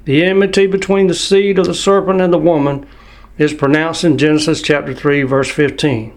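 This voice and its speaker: An older man preaching a sermon, reading scripture slowly and with emphasis. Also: on the high side, fairly even intonation.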